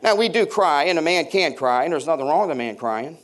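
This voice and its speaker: A pastor in his fifties preaches with a voice pitched a little higher than most men's. He jokes his way through stories and calls out questions to his congregation. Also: expressive, a little fast. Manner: humorous, storytelling, banters with the congregation. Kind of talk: sermon. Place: church before a congregation.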